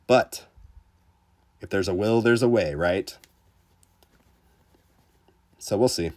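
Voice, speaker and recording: A man with a fairly low voice hosts a relaxed game livestream. He reads viewer comments aloud and answers them in a chatty, joking way. He often stumbles and restarts his sentences. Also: slow. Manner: laid-back, chatty, joking, with frequent restarts. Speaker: gaming livestreamer.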